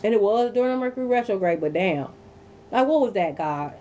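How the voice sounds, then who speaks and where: A woman's voice: lively intonation, fairly quick, mellow. A woman doing a casual tarot reading, telling a story in a blunt, emphatic, profane way. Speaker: tarot reader. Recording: dull lo-fi with faint rumble.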